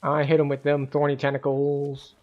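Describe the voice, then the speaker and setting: A man streaming a video game, giving relaxed, casual commentary and thinking aloud as he plays. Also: on the high side, normal speed, narrow, tinny audio, a little hiss or hum.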